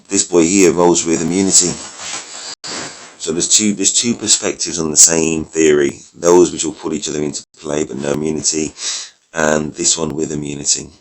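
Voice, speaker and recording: Low-voiced guy rambling through game decks, voice going a bit hoarse. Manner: rambling, self-correcting, thinking aloud. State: losing his voice. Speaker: mobile game video creator. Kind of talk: casual gameplay commentary.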